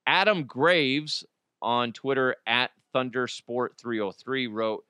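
A man's voice: medium pitch, lively intonation, slow, bright, forceful tone, smooth, no echo, clean studio sound. A man hosting his own podcast, rambling and joking with plenty of swearing. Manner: rambling, profane, jokey. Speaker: podcast host. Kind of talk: casual solo podcast monologue.

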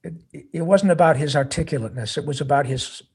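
A man's voice: a little high, fast talker, creaky, a little mellow. An older man, a guest voice actor, telling a story in an interview in an earnest, emotional way, rambling with restarts.

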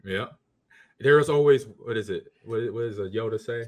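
A man co-hosting a podcast in casual chat, animated and quick to put on silly voices. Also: mid-range voice. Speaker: podcast co-host.

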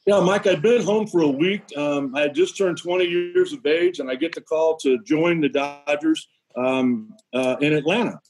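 A man who was a pitcher, telling lively stories on a sports show and acting out other people's lines. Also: normal speed, few pauses, low-quality recording. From Connecticut, USA. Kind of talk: animated storytelling on a sports show.

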